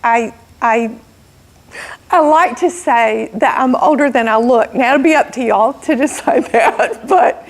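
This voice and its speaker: A woman in her sixties from South Alabama with an Alabama accent, giving a slow, folksy motivational talk to a meeting group. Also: on the high side. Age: 60s. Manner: slow, folksy, self-teasing. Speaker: guest speaker. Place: meeting room.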